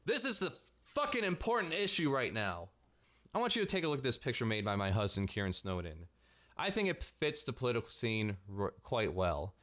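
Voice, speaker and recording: A man's voice: mid-range voice, big pitch swings, brisk, a bit bright. Sarcastic, profane man ranting. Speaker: vlogger. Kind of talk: commentary rant.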